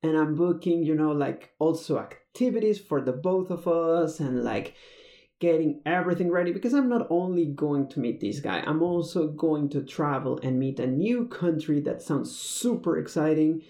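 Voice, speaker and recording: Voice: medium pitch, lively intonation, normal speed, mellow. A speaker from Mexico, casually telling a personal travel story and rambling with many fillers and restarts. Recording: roomy echo.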